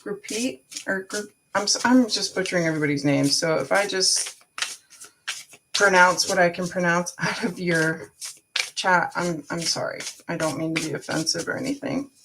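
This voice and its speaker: Chatty woman reading tarot live, lowish voice. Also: moderate pace, background noise. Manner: chatty, talks to viewers by name; frank, swears casually. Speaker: tarot card reader.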